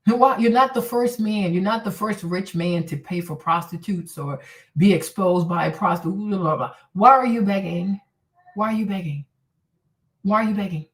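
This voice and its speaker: A woman's voice: medium pitch, distant mic. A woman hosting a commentary stream, talking bluntly and scolding with repeated rhetorical questions. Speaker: commentary host. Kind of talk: casual commentary.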